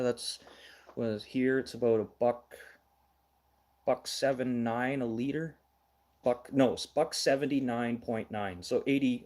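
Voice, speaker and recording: A man's voice: mid-range voice, creaky, darkish tone. Blunt ranting man streaming. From Manitoba, Canada. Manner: blunt, ranting, swears, thinks aloud. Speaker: livestream news host. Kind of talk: casual livestream commentary.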